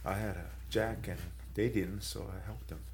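A man's voice: fairly even intonation, normal speed, vocal fry, a little hiss or hum. A man from the San Carlos Apache reservation giving a personal testimony as a street evangelist, growing emotional and tearful. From San Carlos Apache reservation, Arizona. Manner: emotional, rising high when moved, tearful.

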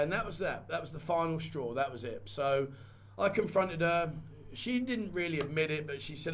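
Man vlogger, fairly high-pitched voice, candid, rambling storytelling, to camera. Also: lively intonation, a little fast, a little hiss or hum. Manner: candid, rambling, repeats phrases. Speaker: vlogger and photographer. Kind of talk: casual personal storytelling.

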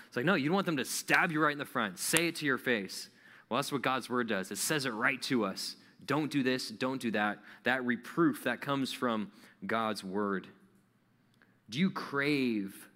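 Male preacher, bright forward tone, lively storytelling style, recorded with long church-hall reverb. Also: mid-range voice. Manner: animated storytelling, acts out quoted voices. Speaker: youth pastor. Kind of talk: sermon.

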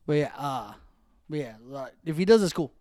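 A man's voice: a little high, expressive, moderate pace, warm tone, no echo. A man co-hosting a casual wrestling podcast, playful and teasing, laughing often as he chats. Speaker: podcast co-host.

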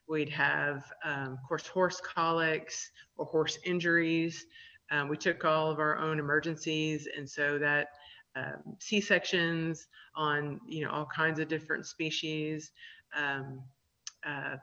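Chatty woman vet rambling through stories, lots of ums, bright tense voice, muffled radio audio. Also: low voice, little pitch movement, slow pace. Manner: chatty, laughing storyteller with many fillers. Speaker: veterinarian guest. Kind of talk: radio interview storytelling.

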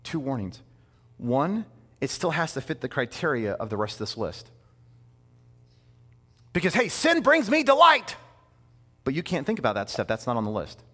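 A man in his thirties preaching a sermon in a conversational, animated way, with playful asides. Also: mid-range voice, moderate pace, long pauses, long reverb tail. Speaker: pastor.

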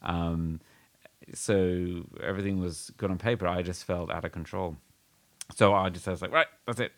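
A man's voice: sits low, steady tone, normal speed, a bit bright. A man co-hosting a podcast in casual chat, talking earnestly and rambling with restarts. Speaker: podcast co-host.

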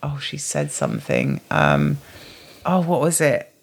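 A woman with an English accent that keeps faint traces of American, chatting as a podcast guest, lively and laughing as she talks. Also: low-pitched, measured pace, vocal fry, slightly rough. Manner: lively, chatty, laughs while telling stories. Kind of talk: casual chat.

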